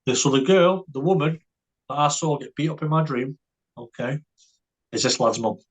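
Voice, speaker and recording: A man's voice: on the high side, normal speed, slightly rough. A man, a podcast guest telling a story in a casual way. He stammers and restarts often and keeps tagging his lines with "right?" and "mate".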